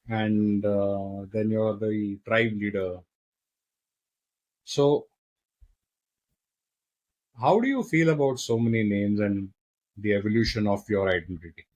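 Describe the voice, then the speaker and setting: Low-voiced podcast host. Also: male voice, takes it slowly, pauses often, darkish tone, poor audio. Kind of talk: casual interview questions.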